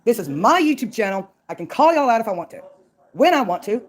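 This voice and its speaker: A woman's voice: on the high side, very animated, fast. Taunting woman ranting. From Mississippi, US. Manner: combative, taunting, mocking. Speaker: channel owner. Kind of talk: ranting call-out vlog.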